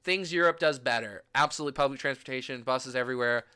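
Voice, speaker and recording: Bright, animated young man ranting about travel. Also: mid-range voice, quick pace, clean tone. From United States. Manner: animated, gushing, swears casually. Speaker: vlogger. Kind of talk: casual travel recap chat.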